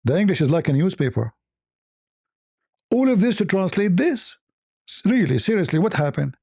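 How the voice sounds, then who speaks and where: A man hosts a debate stream, full of sarcasm and pointed rhetorical questions. His voice sits fairly high but has a dark, mellow tone. His pitch swings widely, and the sound is dry and close. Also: sing-song, moderate pace, creaky, slightly rough, dry recording. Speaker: online debate show host. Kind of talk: polemical commentary.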